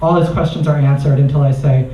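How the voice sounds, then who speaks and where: A man, a researcher doing stand-up, telling a comic story on stage in an animated way and laughing at his own lines. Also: medium pitch, fast talker, a little hiss or hum. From United States. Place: live comedy venue. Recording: distant, roomy, muffled live recording.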